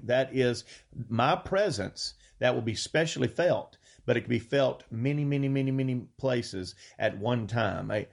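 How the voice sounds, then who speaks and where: A man preaching a sermon, reading scripture slowly and earnestly and stressing key words. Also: medium pitch, vocal fry, slightly rough. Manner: earnest, drawn-out scripture reading with rising emphasis.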